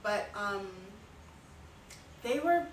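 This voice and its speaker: An animated woman with a mid-range voice speaks extremely slowly while casually storytelling on her livestream, sighing and filling pauses with lots of fillers. She works as an artist and streamer. The far-off mic captures a roomy sound and faint noise.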